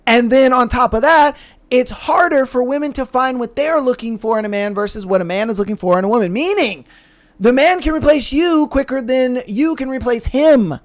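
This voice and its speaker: A man's voice: very high-pitched, moderate pace. Emphatic, argumentative male podcast host. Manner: argumentative, emphatic, rhetorical questions. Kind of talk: casual podcast commentary.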